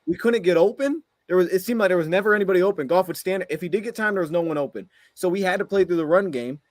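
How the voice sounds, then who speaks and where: A man rants after a game at a rapid clip, his voice sitting a little high as he stacks one exasperated rhetorical question on another. The sound is dry and close, with no room around it. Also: no echo. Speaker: sports podcast co-host. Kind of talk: heated post-game rant.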